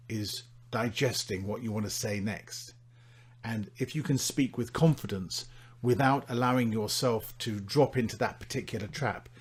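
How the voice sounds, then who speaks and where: A man teaching presentation delivery, demonstrating his points with big swings in loudness and dramatic pauses. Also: mid-range voice, husky. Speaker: public speaking instructor. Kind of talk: instructional presentation.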